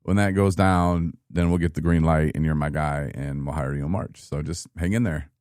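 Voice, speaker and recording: A man in his thirties from Michigan, telling his own story in a casual, animated podcast chat and acting out what people said. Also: a bass voice, normal speed, no room sound, clean studio sound. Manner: animated, laughing, acts out quoted people. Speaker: podcast guest.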